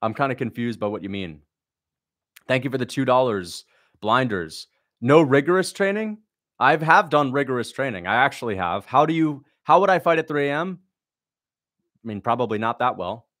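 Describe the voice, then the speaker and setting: A man's voice: medium pitch, expressive, moderate pace, fairly bright tone. Young guy on a livestream, blunt and sarcastic, chatty and mocking. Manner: blunt, sarcastic, mocking, reads viewer questions aloud. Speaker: livestream host reacting to a fight. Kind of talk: casual livestream chat.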